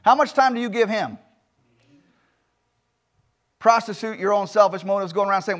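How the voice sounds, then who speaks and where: A male pastor preaching a sermon in a church, emphatic, firing rhetorical questions and swinging between loud and soft delivery. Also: high-pitched, normal speed. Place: church sanctuary.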